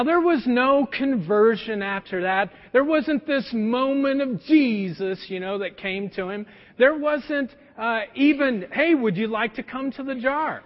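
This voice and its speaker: A middle-aged male pastor preaching a sermon, telling a personal story in a conversational way with plenty of fillers. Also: sits high. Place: church sanctuary. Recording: dull lo-fi sound with long church reverb.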